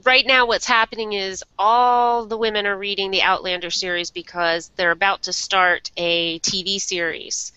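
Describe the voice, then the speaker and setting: Brief: chatty female web-show co-host, smooth bright voice, dry lo-fi call. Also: medium pitch, flat delivery, moderate pace, hardly any pauses, no room sound. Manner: chatty, laughs easily. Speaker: podcast co-host. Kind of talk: casual chat. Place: tent while it rains.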